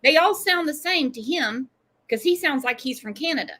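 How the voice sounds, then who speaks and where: A woman's voice: sits high, lively intonation, normal speed, pushed and bright. A woman hosting a true-crime livestream, talking in an emphatic, pointed way. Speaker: host.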